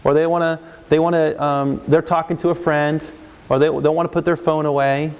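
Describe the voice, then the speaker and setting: With a clean-toned, slightly high voice and a fairly quick pace, this US man advises parents and teachers. He keeps it casual and animated, voicing both kids and adults in acted examples.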